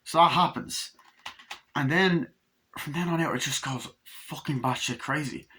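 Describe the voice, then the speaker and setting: A man's voice: a little high, measured pace, pushed and bright, breathy edge. A man giving a casual horror movie review who swears a lot and acts out the scenes as he retells them.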